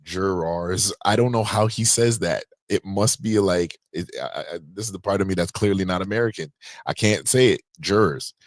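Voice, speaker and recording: Laid-back low-voiced male stream host. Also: fairly quick, no echo. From Canada. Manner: loose, joking, slangy, restarts often. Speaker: livestream podcast host. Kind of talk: casual livestream chat. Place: home podcast room.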